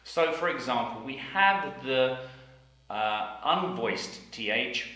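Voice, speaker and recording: A man teaching English pronunciation, saying each example word slowly and clearly twice. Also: medium pitch, animated, sharp tone. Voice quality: deliberate, over-articulated delivery. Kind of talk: slow, careful teaching with repeated example words. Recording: very echoey room.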